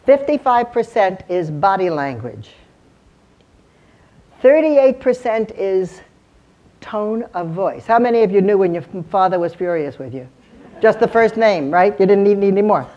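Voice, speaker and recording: A woman's voice: mid-range voice, lively intonation, measured pace. A woman giving a live seminar to lawyers, engaging the audience with rhetorical questions and demonstrating tones of voice. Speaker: communications consultant lecturing lawyers. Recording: dull lo-fi recording.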